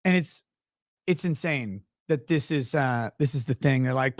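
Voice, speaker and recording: A man's voice: mid-range voice, measured pace, no room sound, studio quality. A man hosting a livestream with casual, sarcastic, rambling commentary, talking to his chat viewers by name. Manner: sarcastic, rambling, mocking impressions. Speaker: livestream host.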